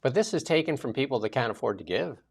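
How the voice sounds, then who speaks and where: A man's voice: mid-range voice, very animated, fast talker, gravelly, husky. A man from Canada co-hosting a political talk show, ranting indignantly with sarcastic asides. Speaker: co-host. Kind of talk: political commentary chat.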